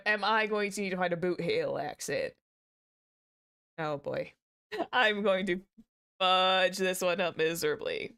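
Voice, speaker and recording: A woman's voice: lowish voice, clean tone. Giggly woman streaming a game. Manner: giggly, self-conscious. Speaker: VTuber streamer. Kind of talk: casual gameplay commentary. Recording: loud game music behind.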